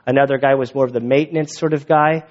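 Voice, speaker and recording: Casual fast-talking male pastor. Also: mid-range voice, steady tone, a little mellow, highs cut off. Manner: casual, quick, conversational with restarts. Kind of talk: sermon.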